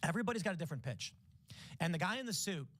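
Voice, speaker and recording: Animated storytelling man, slightly high voice. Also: rapid-fire, dry recording. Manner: animated storyteller who acts out the dialogue in changing voices. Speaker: trading stream host. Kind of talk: casual storytelling on a live stream.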